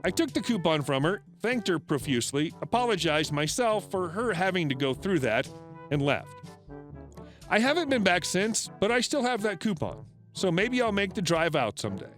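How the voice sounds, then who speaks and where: A man narrating internet stories in a wry, expressive scripted read. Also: sits high, moderate pace. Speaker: story narrator. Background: faint music.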